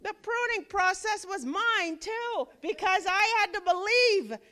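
Here a woman in her forties preaches, telling her own story with dramatic shifts from exclaiming loudly to dropping into hushed lines. Her voice is very high-pitched and animated, with a slightly slow delivery.

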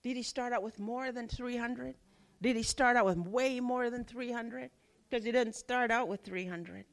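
Preaching in her forties, this woman recounts something from her own life, her sermon lurching from booming exclamations to near-whispers. Her pitch is a little high, and she speaks at a normal speed.

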